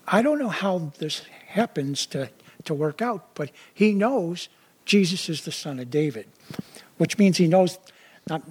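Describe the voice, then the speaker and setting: A man's voice: on the high side, darkish tone, husky. A man preaching a sermon in a conversational way, often stopping to explain the verses he reads. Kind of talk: casual sermon.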